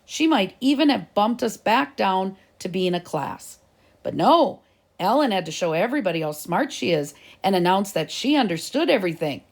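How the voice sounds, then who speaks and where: A woman's voice: mid-range voice, big pitch swings, moderate pace. A woman reading aloud and voicing a stubborn, argumentative schoolboy in a storybook. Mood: arguing. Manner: indignant, argumentative. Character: boastful scheming schoolboy, stubborn and dramatic.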